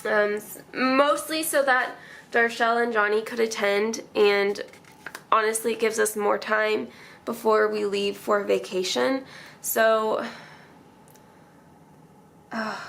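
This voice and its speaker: A woman's voice: fairly high pitch, steady tone, slow, creaky, pauses often, fairly bright tone, a little hiss or hum. A young woman vlogger chatting casually and emotionally as she decorates her planner, rambling and laughing often.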